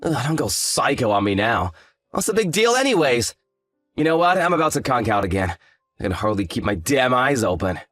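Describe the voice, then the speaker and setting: A man's voice: mid-range voice, very animated, fairly quick, fairly bright tone, dry recording, faint music behind. A man voicing an arrogant, hungover young fiancé who talks in a lazy, condescending, sarcastic way. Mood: smug. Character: arrogant hungover male fiancé, dismissive and smug. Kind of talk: scripted story drama.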